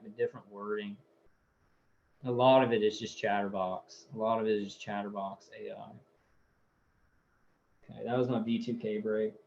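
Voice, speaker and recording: A man's voice: mid-range voice, darkish tone, highs cut off. A man hosting a casual livestream, reading viewer comments aloud and rambling with hesitations and fillers.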